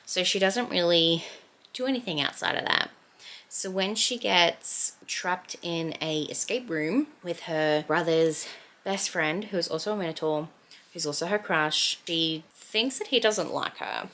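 A woman's voice: fairly low pitch, unhurried, fairly bright tone. A young Australian woman chatting casually at home about the books she is reading. She fills her talk with "like" and giggles often. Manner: chatty, heavy use of "like", giggly. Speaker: book vlogger. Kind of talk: casual book review chat.

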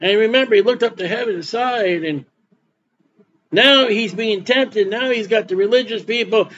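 A man delivers a sermon in a folksy, plainspoken way, doubling back over his words as he reads scripture and explains it. His voice sits fairly high for a man. The recording is slightly dull, with a faint hiss underneath. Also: normal speed, fairly bright tone. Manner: folksy preaching with repeated words and Bible reading. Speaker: pastor.

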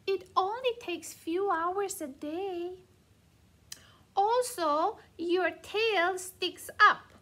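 A woman's voice: very high voice, drawn-out words, sharp tone, full character voice. A woman voicing a prim, vain horse who fusses over grooming, in a picture book read aloud to small children.

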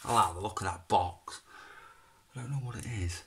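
A man's voice: on the low side, normal speed, gravelly, noisy background. A man chatting casually, rambling as he goes through boxes of his child's old belongings, swearing and laughing as he talks. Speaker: vlogger. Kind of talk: casual chat, talking to an absent child.

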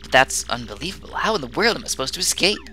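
Captive princess, earnest, alarmed, raised pitch, bright tone, man doing it. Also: very animated, very fast, a little hiss or hum. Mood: anxious. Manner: pleading, questioning.

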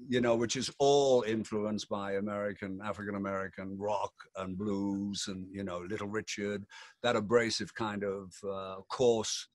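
A man's voice: on the low side, level tone, normal speed, no room sound. Jokey Yorkshire man in his sixties, dry close voice. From England. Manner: theatrical, jokey, camp asides. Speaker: rock singer. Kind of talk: playful interview chat.

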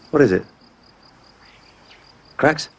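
An actor playing a brash, boorish Englishman who blusters, laughs a lot and speaks crudely. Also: a little mellow. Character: brash loud Englishman, boorish house hunter. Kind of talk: TV drama acting.

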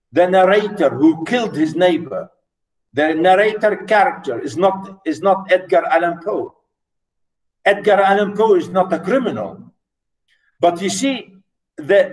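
Slow emphatic teacher lecturing. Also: male voice, sits high, recorded from a distance, poor audio. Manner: emphatic, repeats words, many "you know" fillers. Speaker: literature teacher. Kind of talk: classroom lecture.

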